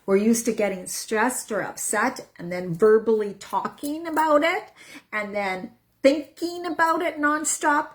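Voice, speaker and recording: A woman's voice: on the high side, expressive, a little slow. Middle-aged woman, earnest coach, casual talk to camera, repeats herself for emphasis. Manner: earnest, repetitive, self-coaching. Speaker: menopause coach.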